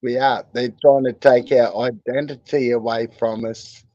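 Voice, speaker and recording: A man's voice: mid-range voice, steady tone, a little slow, dark tone, no echo, lo-fi sound. An Australian man hosting a livestream in crude, rambling casual chat, swearing constantly. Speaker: livestream host.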